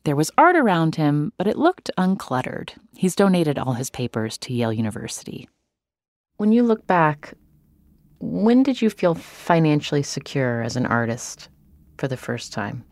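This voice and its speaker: A woman's voice: low voice, very animated, normal speed, a little mellow, no room sound, clean studio sound. A woman hosting a podcast, narrating and asking curious, playful questions. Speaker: podcast host. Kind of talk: interview and scripted narration.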